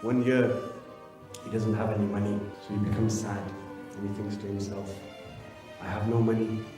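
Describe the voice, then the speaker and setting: A man's voice: lowish voice, little pitch movement, normal speed. A man giving a mourning sermon, telling a story and acting out its speakers in a rising, lamenting delivery. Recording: very echoey hall with faint music.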